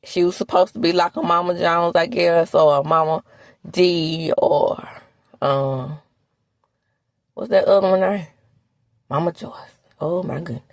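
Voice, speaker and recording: A woman from the American South with a Southern accent, recapping reality TV in sassy, animated casual commentary. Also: slow, long pauses, no echo. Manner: sassy, animated, with laughs and sudden high exclamations.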